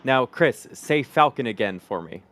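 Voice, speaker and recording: A man's voice: medium pitch, expressive, normal speed, fairly bright tone. A man hosting a livestream, reading out viewer messages and thanking supporters in an upbeat way. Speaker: livestream host. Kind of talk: live-stream hosting, reading super chats.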